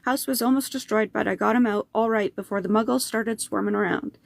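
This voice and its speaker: A woman voicing a big, gruff but soft-hearted male giant in a storybook reading, humble and polite. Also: mid-range voice, steady tone, fairly quick, no room sound. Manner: humble, says sir often.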